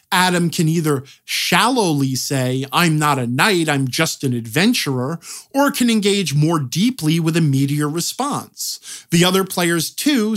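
A game master giving a tutorial monologue on tabletop role-play, with wry, self-mocking asides and some swearing. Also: medium pitch. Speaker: game master advice teacher.

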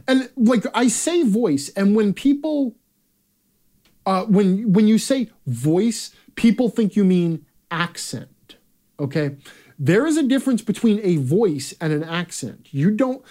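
A man's voice: high-pitched, warm tone. A man hosting a live chat, talking bluntly and casually with profanity and rambling asides. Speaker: host.

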